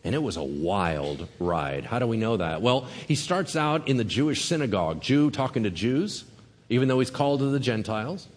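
Middle-aged male pastor, energetic storyteller, mid-pitched voice with long hall reverb behind it. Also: moderate pace. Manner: energetic storytelling, acts out quotes in lowered voice. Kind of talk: sermon.

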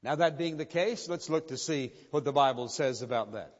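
A pastor preaching a sermon in a church, insistent and emphatic, driving points home with repetition. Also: male voice, medium pitch, moderate pace. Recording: dull muffled recording with long hall reverb.

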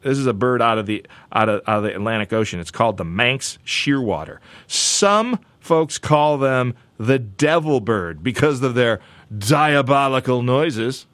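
A man hosting a show segment, joking playfully and talking in a loose, animated way with many restarts and asides. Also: medium pitch, a little slow, no echo. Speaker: show host.

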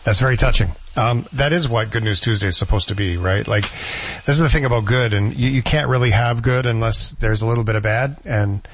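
A man's voice: medium pitch, brisk, hardly any pauses, fairly bright tone, breathy edge. A man hosting a talk show in easygoing casual chat, reflective in manner. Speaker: radio host. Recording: dry, dull lo-fi sound.

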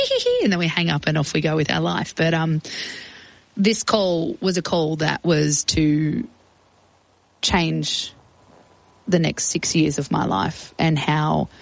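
A woman's voice: sits low, vocal fry, dry recording, low-quality recording. A young woman recounting her past as an interview guest, chatty and acting out quoted voices. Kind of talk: casual storytelling.

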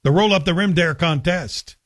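A man's voice: high voice, moderate pace, fairly bright tone, no room sound, clean studio sound. A man voicing a male Quebecer with a Quebec French accent in a mocking impression. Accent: Quebec French-accented English.

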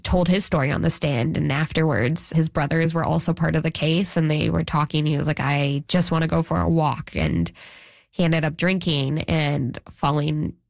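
Lower-voiced woman journalist, casual. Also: moderate pace, vocal fry, no room sound, clean studio sound. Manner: casual, with frequent restarts and quoted speech. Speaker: journalist guest. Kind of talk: interview conversation.

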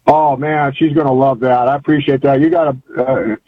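A man's voice: medium pitch, steady tone, normal speed, breathy edge. Older male caller on a tinny phone line. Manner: rambling, folksy and fervent. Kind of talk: phone-in chat.

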